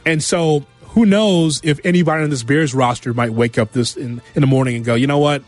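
A man hosting a sports talk radio show, giving an animated monologue full of rhetorical questions and repeated phrases. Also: mid-range voice, a little fast, no room sound, faint music behind. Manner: animated, rhetorical, repeats himself, acts out quotes.

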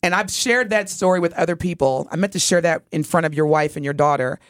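A woman's voice: fairly low pitch, fast talker, dry recording, studio quality. A woman co-hosting a radio talk show, telling a story in an earnest, heartfelt way. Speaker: radio co-host.

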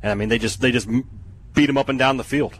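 A man's voice: medium pitch, quick pace, fairly bright tone. A man co-hosting a sports talk radio show over a remote line, talking in a casual, rambling way. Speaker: radio co-host.

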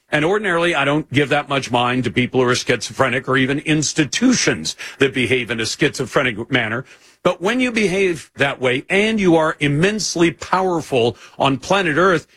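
Blunt talk radio host, husky voice. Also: male voice, a little high, fairly bright tone, no echo. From United States. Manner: blunt, conversational, argumentative. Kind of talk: opinionated talk radio monologue.

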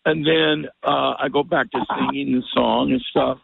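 A man's voice: medium pitch, normal speed, vocal fry, breathy edge, no echo. An older man, a musician guest, telling a rambling story over the phone and acting out what people said. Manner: rambling, animated storyteller who acts out quotes. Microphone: telephone. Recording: tinny phone line, dry.

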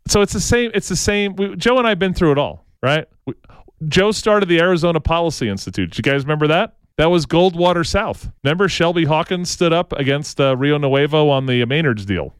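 A man's voice: on the high side, lively intonation, brisk, smooth, no echo. A man co-hosting a talk show, rambling in casual talk, often restarting and ending points with "right?". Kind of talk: casual opinionated local talk.

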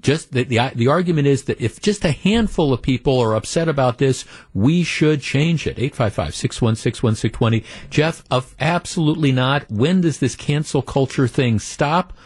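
A man's voice: mid-range voice, lively intonation, normal speed, few pauses, a little mellow, husky, dry recording. A man hosting a talk radio show, reading out listener texts with wry disbelief. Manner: wry, incredulous. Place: radio studio. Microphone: studio microphone.

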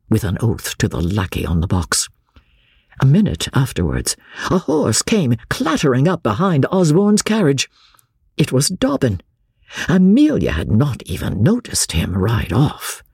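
A man reading a classic novel aloud in slow, expressive storytelling with hushed asides. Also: medium pitch, creaky, husky, no echo, studio quality. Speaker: narrator. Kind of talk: audiobook narration.

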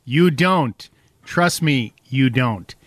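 A man hosts a home improvement radio show, spinning playful stories through casual banter as an animated storyteller. His mid-range voice moves very slowly, captured on a studio microphone in a dry but low-quality recording.

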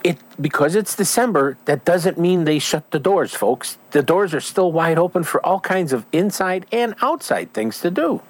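Animated folksy radio host, man. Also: on the high side, moderate pace, hardly any pauses, slight background noise. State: has a slight cold. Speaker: radio outdoors show host. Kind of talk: radio talk and live ad reads. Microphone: radio studio mic.

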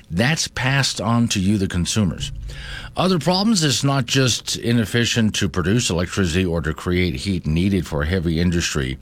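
A man hosting a morning talk radio show, reading news and chatting with asides. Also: sits low. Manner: conversational, animated, reads news aloud with asides. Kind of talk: talk radio monologue and banter.

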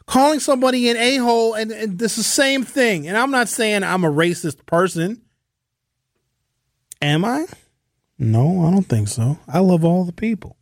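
A man's voice: high voice, animated, normal speed, no room sound. A man hosting a casual talk radio show from a studio, joking and offhand. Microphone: studio mic.

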